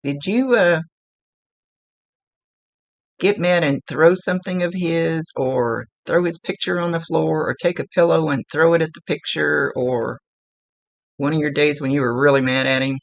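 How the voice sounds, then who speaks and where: A woman's voice: deep voice, a little slow, creaky, no room sound. A woman working as a psychic medium, chattily relaying spirit messages in a casual reading and laughing now and then.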